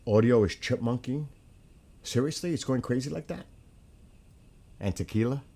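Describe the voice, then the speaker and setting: A man hosting a casual livestream, talking straight to his chat in a hurried, rambling way. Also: mid-range voice, expressive, mellow. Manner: rushed, talks to chat directly. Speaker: livestream host.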